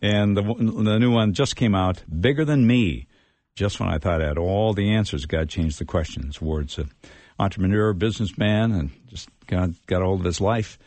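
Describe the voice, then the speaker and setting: Male interview host, very low voice, hesitant with fillers, dry. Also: darkish tone, no echo. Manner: halting, with many fillers. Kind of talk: interview introduction and question.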